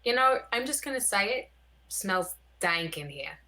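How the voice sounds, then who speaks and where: A woman's voice: mid-range voice, expressive, a little slow, pushed and bright. A woman playing a tabletop game, speaking with dry, wry asides. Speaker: player. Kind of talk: tabletop role-play.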